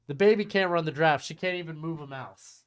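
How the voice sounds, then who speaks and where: A man's voice: a little high, brisk, clean tone. A young man hosting a live-streamed mock draft, talking casually and bluntly and mocking bad trades.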